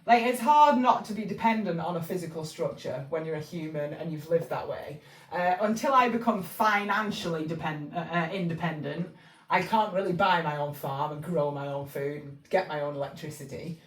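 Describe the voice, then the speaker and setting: A woman's voice: low-pitched, normal speed, far from the mic. A woman from England talking casually and rambling about spiritual life lessons, with lots of fillers and restarts. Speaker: channel host. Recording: echoey room, voice somewhat off-mic.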